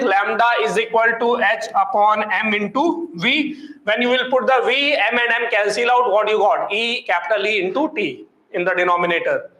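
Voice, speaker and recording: A man's voice: very high voice, bright, forceful tone, echoey room, low-quality recording. A man teaching physics problems step by step in class, constantly quizzing his students with questions. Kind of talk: classroom problem-solving lecture.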